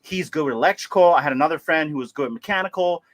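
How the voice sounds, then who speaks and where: A man from Hawaii, hosting a livestream and telling a story in an animated way, laughing and acting out voices. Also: fairly high pitch, rapid-fire. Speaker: livestream host. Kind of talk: casual storytelling.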